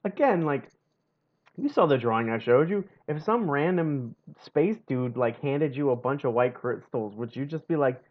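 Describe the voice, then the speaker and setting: A man's voice: mid-range voice, very animated, normal speed, muffled recording. A young man on a live stream reading a gamebook aloud, full of sarcastic asides and frequent laughs, in a home streaming setup.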